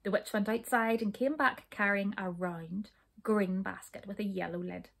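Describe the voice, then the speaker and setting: A woman's voice: medium pitch, steady tone, moderate pace, gravelly. A woman reading a children's storybook aloud, narrating expressively.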